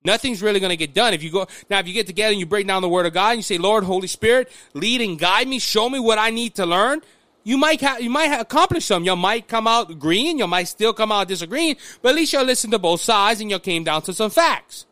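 A man from Louisiana with a Southern accent, hosting casual political commentary in an animated, rambling way with frequent restarts. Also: high-pitched, fast, few pauses, no room sound.

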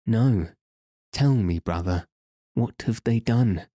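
A man reading the part of an earnest, eager grown man calling out to his long-lost brother. The voice stays low and dark, like a storybook read aloud. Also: slow pace, no echo, studio quality.

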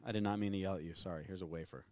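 A man's voice: sits low, steady tone, very fast, a little mellow, dry recording. A man in his thirties hosting a solo podcast from his small home studio, rambling and swearing casually with self-mocking jokes. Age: 30s. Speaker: podcast host.

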